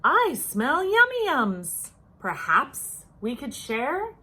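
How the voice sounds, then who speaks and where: A woman's voice: high voice, wildly swooping pitch, takes it slowly, sharp tone, full character voice. A woman voicing a friendly male badger who coaxes the others to share, in a storybook read-aloud. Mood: cheerful.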